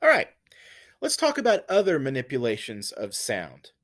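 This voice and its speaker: A man's voice: medium pitch, wildly swooping pitch, a bit bright. A man giving a recorded literature lecture, patiently explaining poetic meter and reassuring his students. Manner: patient and reassuring, slow and deliberate, counts out stresses. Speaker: literature teacher.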